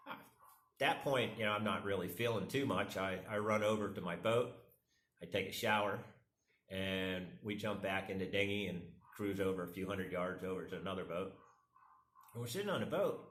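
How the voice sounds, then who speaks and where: Low-voiced man telling a rambling story. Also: fairly bright tone. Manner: rambling, self-deprecating, acts out quotes. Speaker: vlogger. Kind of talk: casual storytelling. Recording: echoey room.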